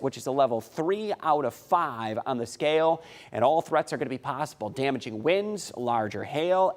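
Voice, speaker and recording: A man delivering a TV weather forecast as a meteorologist, with an urgent, emphatic broadcast delivery. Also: a little high.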